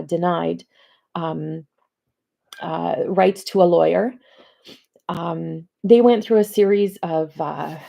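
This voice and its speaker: A woman speaking in a personal video diary to her daughters, halting with many pauses and close to tears. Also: fairly low pitch, vocal fry, dark tone. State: tearful, close to crying. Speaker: mother addressing her daughters.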